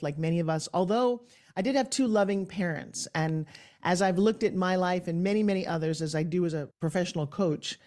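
A woman guest on a podcast, a professional coach, telling her story in an energetic, emphatic way. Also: lowish voice. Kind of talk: podcast interview.

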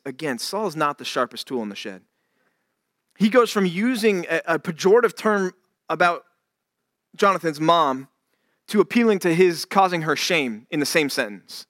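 Bright, dry-voiced man preaching a sermon. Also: fairly high pitch, expressive, normal speed, no echo. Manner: conversational, jokey retelling of scripture with voiced asides. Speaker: pastor.

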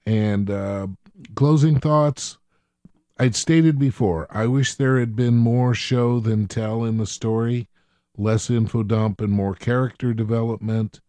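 A man co-hosting a casual book discussion, considered and measured. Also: mid-range voice, steady tone, warm tone, dry recording. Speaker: podcast co-host.

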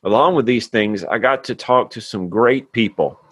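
Podcast host, male, from Tennessee; earnest and plainspoken, lowish voice, dry close sound. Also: moderate pace, a bit bright, husky, dry recording. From Tennessee, USA. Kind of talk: scripted intro then casual interview.

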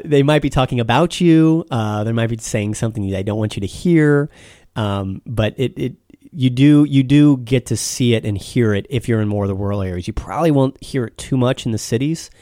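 A man's voice: fairly low pitch, mellow, no room sound, clean studio sound. An American man explaining things patiently in a casual chat, with frequent restarts. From United States.

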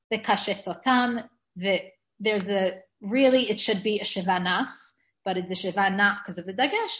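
A woman's voice: mid-range voice, fairly bright tone. A woman teaching a class on Hebrew grammar, explaining rules in a friendly, self-deprecating way and laughing often. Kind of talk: class lecture. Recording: echoey room.

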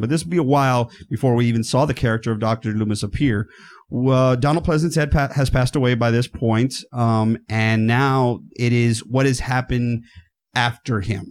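A man in his thirties talks through an old horror movie with a friend on a podcast. He is enthusiastic and self-mocking, swears freely, and his mid-range voice leaps up in pitch when he gets excited. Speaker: podcast co-host. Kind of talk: casual movie review chat.

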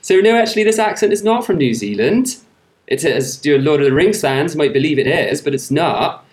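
A man's voice: a little high, expressive, brisk, a little mellow, close to an everyday voice. A man putting on an exaggerated Somerset accent as a jolly rural West Country man, with a playful sing-song delivery. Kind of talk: podcast banter.

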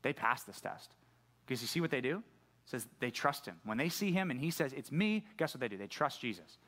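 A middle-aged pastor giving a conversational sermon, often putting questions to the congregation. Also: male voice, medium pitch, expressive, fairly quick, bright, forceful tone. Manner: conversational preaching, asks the audience questions.

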